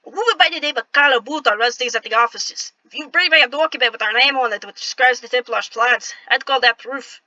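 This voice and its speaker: A woman's voice: high voice, pushed and bright, no echo, highs cut off. A woman reading a worldly city informant's lines from a game, trying for an accent and stumbling over restarts. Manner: halting, reads lines with restarts. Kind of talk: reading game dialogue aloud with an attempted accent.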